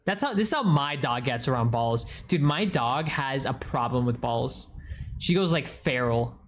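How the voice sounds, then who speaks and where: A young man streaming, chatting casually and excitably as he reacts to videos and reads chat, swearing now and then. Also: medium pitch, moderate pace, slight background noise.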